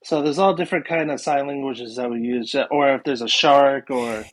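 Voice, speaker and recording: A man's voice: mid-range voice, moderate pace. A man, a guest paranormal investigator, chatting casually on a podcast and rambling with many fillers.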